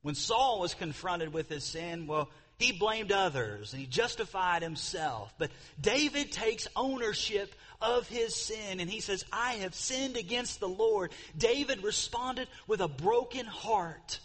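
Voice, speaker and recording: A man preaching a sermon, earnest, slowing down on the verses he quotes and rising when he stresses a point. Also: high-pitched, lively intonation, a bit bright. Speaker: pastor.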